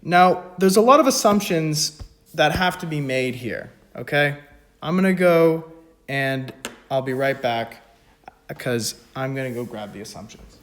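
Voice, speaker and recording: Slow, joking male economics tutor. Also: mid-range voice, lively intonation. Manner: joking, self-mocking asides between steps. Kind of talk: casual spoken math walkthrough.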